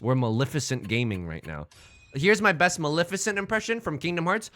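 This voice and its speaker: A man's voice: medium pitch, wildly swooping pitch, fast, fairly bright tone. A young man chatting casually on a livestream while he plays, joking and rambling through playful asides. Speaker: streamer.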